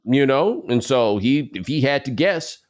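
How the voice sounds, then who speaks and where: A man's voice: medium pitch, a little slow. A man co-hosts a casual sports and culture podcast. He tells stories with playful energy and leans on slang. His voice sits in a middle register. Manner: animated, playful storytelling with slang. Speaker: podcast co-host.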